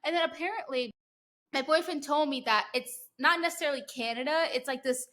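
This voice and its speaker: Bright, high-voiced young host from New Jersey. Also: female voice. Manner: animated storyteller, many "like"s, quick laughing asides. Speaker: podcast host. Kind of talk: casual interview chat.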